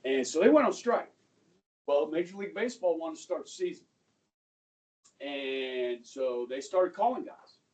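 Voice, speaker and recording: A middle-aged male high school history teacher telling a story to his class, checking in with "okay?" and acting out the people in it. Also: darkish tone. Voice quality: conversational, acts out quoted voices, asks "okay?" often. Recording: distant mic in a classroom, faint room noise.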